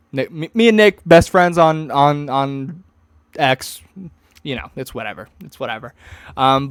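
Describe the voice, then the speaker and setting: A young man in his twenties casually recapping a fight event for a stream, excitable and mocking, stumbling over restarts as he talks. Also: on the high side, clear, resonant tone, no echo. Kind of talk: casual rambling commentary.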